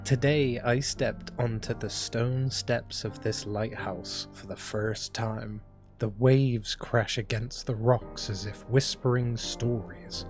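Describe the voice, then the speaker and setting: A man voicing an old sea captain lighthouse keeper, reading his diary slowly and in a measured way. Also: mid-range voice, fairly even intonation, soft background music, close to an everyday voice. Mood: wistful.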